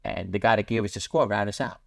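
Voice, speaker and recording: Fast, gravelly New man. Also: fairly low pitch, no room sound, studio quality. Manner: rapid, blunt street storytelling, voicing other people in quotes. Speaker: guest. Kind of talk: storytelling in a podcast interview.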